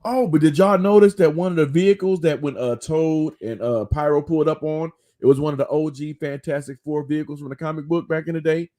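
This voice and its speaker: A man's voice: a little high, fairly even intonation, a little fast, few pauses, mellow. A man co-hosting a casual film discussion podcast, telling stories with energy and reading viewer comments aloud. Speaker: podcast co-host.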